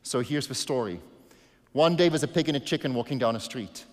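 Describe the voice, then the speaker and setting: A man's voice: medium pitch, brisk. Earnest male pastor in a reverberant hall. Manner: earnest, shifts from hushed to emphatic. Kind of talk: sermon.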